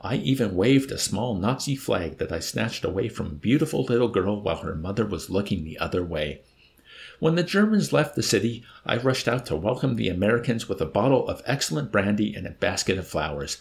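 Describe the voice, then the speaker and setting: A man's voice: fairly low pitch, sing-song, brisk, gravelly, a little mellow. A man voicing a suave, mocking villainous old man in an audiobook. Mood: gloating. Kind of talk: audiobook character voice.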